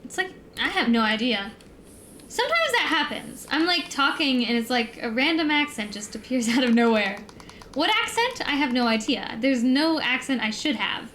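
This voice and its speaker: A woman's voice: fairly high pitch, fairly bright tone, slight background noise. A young American woman streamer rambling in casual chat, laughing easily and filling her talk with "like". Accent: neutral American. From United States. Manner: rambling, chatty, laughs easily, filler-heavy.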